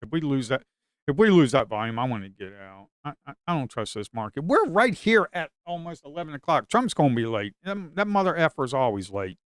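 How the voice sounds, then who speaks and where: Male trader streaming live, mutters, repeats himself, curses; smooth, close, dry sound. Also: a little high, very animated, brisk, dry recording. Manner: talks to himself and viewers, repeats phrases, swears. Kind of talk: live trading commentary.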